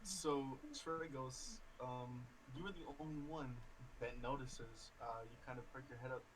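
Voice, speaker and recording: A man narrating as game master of a tabletop game, relaxed and full of fillers. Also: medium pitch, a little slow, noisy background.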